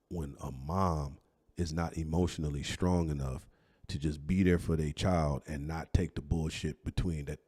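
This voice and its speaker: A man with a deep, husky voice tells a personal story as a podcast guest. He talks in an animated, slangy way and laughs as he goes. His low register sits under a rough, breathy texture.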